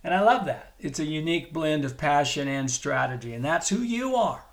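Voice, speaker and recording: A man's voice: a little high, expressive, moderate pace. A middle-aged man preaching a podcast sermon with enthusiastic, emphatic delivery and repeated phrases. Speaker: pastor.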